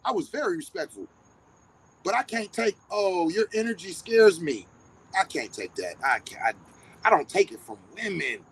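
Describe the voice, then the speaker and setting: A man's voice: big pitch swings, normal speed, a bit bright, slight background noise, poor audio. A man hosting a live stream, talking in a passionate, confrontational, profane way that never backs down. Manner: high-energy, passionate, profane; confrontational, emphatic. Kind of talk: heated casual monologue.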